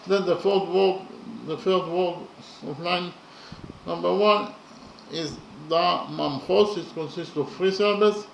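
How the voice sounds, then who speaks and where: Methodical high-voiced man, gravelly. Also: steady tone, echoey room, lo-fi sound, slight background noise. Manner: slow, methodical, counts syllables and letters aloud with many pauses. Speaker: poetry lecturer. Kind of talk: methodical spoken analysis of verse.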